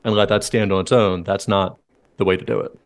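A man with a fairly low voice in a casual podcast conversation. He tells stories in quick runs, dropping wry, sarcastic asides along the way. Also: fairly even intonation. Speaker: podcast host.

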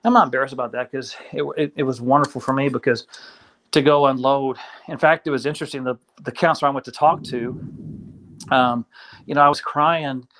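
Man telling a story in animated speech. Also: medium pitch, brisk. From Kentucky. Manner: animated, acts out quoted voices. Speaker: interview guest. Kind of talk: casual storytelling.

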